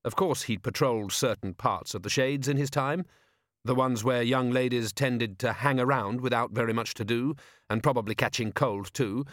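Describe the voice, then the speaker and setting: A man's voice: mid-range voice, moderate pace, a bit bright, dry recording. A man reading a novel aloud in a dry, wry manner. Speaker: narrator. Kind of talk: audiobook narration.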